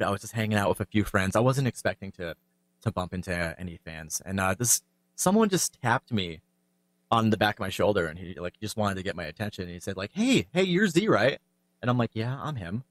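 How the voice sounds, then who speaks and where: A longtime YouTuber, a man, speaking in a reflective, halting way with many fillers and restarts as he gets emotional. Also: fairly low pitch, fairly bright tone, dry recording. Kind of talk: reflective personal talk.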